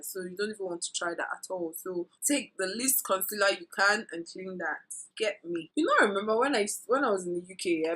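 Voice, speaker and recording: A woman with a bright, forward voice chats through a makeup tutorial. She speaks straight to her viewers, playful and rambling, and mixes tips with asides. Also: lowish voice, poor audio. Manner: instructive, addresses viewers directly. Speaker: beauty vlogger.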